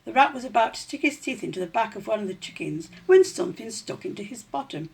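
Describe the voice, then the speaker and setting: A woman reading a children's story aloud in an expressive, animated way. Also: fairly high pitch, fast talker, vocal fry, hardly any pauses, breathy edge.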